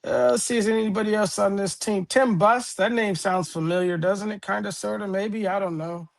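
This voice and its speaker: A man's voice: high voice, steady tone, brisk, vocal fry. A man with a Milwaukee accent co-hosting a casual sports show, slangy, jokey and laid-back. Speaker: podcast co-host.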